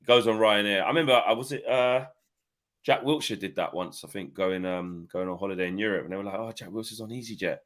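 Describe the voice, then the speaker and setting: A man co-hosting a casual football podcast, talking in an animated, rambling way. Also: lowish voice. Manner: rambling, animated, quick to laugh.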